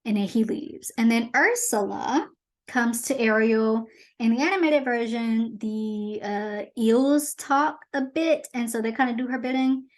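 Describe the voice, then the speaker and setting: A woman hosts her own commentary show, speaking in a slightly high voice. She is chatty and animated as she retells a movie in a casual, conversational way. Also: a little slow. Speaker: host.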